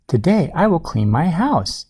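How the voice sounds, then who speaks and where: A man voicing a tidy, fussy farmer's wife with a prim, brisk manner. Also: a little high, sing-song, darkish tone, breathy edge, voice pushed up, exaggerated voice.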